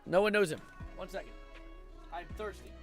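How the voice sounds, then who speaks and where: Young man, streamer, casual livestream commentary, excitable, rambling, swearing, fairly high voice. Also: moderate pace, music in the background. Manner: excitable, rambling, swears, sudden loud outbursts.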